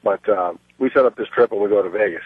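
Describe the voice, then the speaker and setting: A man's voice: on the low side, quick pace, slightly rough, no room sound. A brash, boastful middle-aged man calling in to a radio show and telling a long story. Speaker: caller. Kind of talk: phoned-in storytelling. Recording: muffled phone line.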